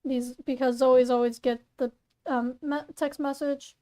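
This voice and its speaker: Woman reading her own story in her bedroom, high voice, slow, goofy asides. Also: level tone, mellow, clear, resonant tone. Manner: rambling, playful, self-correcting. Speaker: fan fiction reader and voice actor.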